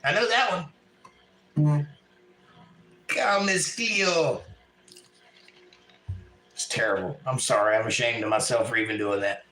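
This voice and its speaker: A man's voice: fairly low pitch, big pitch swings, fast, slight background noise. A man hosting a home live stream, singing and chatting with viewers in a casual, self-deprecating way. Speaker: live stream host and musician. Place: a house. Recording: roomy echo with loud guitar. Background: loud acoustic guitar.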